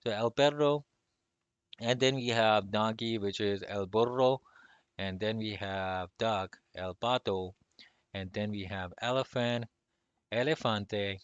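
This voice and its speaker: Low-voiced man teaching casually. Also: slow pace, clear, resonant tone, no echo, lo-fi sound. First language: not Spanish. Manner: relaxed, many fillers, chuckles often. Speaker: language teacher. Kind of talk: casual online lesson.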